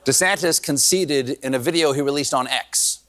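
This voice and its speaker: A man's voice: mid-range voice, moderate pace, very noisy. A man hosting a late-night comedy monologue with a punchy joke delivery, often laughing at his own lines.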